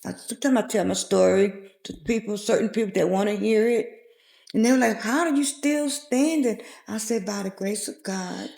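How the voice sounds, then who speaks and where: Middle-aged woman, gravelly voice, heartfelt storytelling, echoey room. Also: medium pitch, normal speed, darkish tone. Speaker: guest. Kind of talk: personal testimony in a podcast interview.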